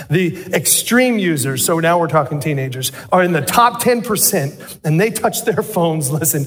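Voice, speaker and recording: A middle-aged man preaching a sermon as a pastor, animated and asking the congregation questions. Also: high voice. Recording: long reverb of a large hall.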